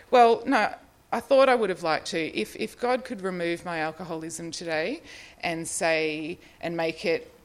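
A woman's voice: fairly low pitch, a little slow. A middle-aged Australian woman in recovery, telling her own story in a rambling, self-deprecating way with frequent little laughs and fillers. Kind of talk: personal testimony, casual storytelling.

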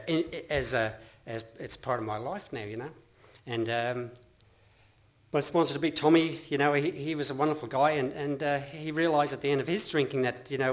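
A middle-aged Australian man speaks at a meeting, telling his own story in an earnest, rambling way. He often restarts his sentences and breaks into laughter, and his voice sits at an ordinary middle pitch. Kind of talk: personal testimony talk.

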